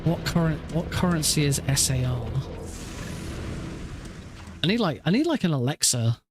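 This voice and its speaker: Chatty male streamer with a slightly high voice. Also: very animated, normal speed, over music. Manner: rambling, self-correcting, chatty. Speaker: speedrun streamer. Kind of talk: casual live-stream chat.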